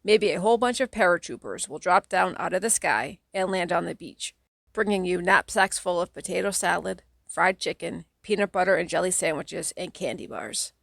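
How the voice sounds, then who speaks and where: A woman narrating a children's audiobook in a steady, plain storytelling manner. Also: on the low side, moderate pace, vocal fry, no echo, clean studio sound. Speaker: audiobook reader.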